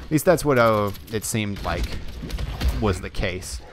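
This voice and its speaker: A man's voice: lowish voice, animated, unhurried, over music. A young man giving casual, rambling commentary over gameplay, often correcting himself as he talks. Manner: rambling, self-correcting, chatty. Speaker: gaming YouTuber.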